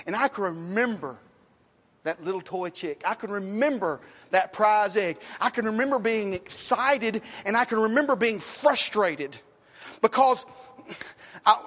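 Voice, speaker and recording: A male pastor preaching a sermon, dramatic, moving from loud rhetorical questions to hushed lines. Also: high-pitched. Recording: long reverb.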